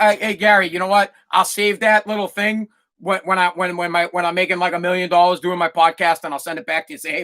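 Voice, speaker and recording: A fired-up man rants through a solo sports podcast. His voice is bright and edgy, and he swears freely and trips over his own restarts as he talks. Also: high-pitched. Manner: fired-up, swearing, repeats himself. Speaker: podcast host.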